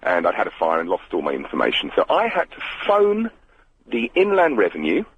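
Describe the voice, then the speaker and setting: A man from Britain with a slightly croaky voice calling a radio show, explaining his case earnestly. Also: low-pitched, huge pitch swings, brisk, a little hiss or hum. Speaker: caller. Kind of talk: phone-in chat. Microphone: telephone. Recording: lo-fi phone line.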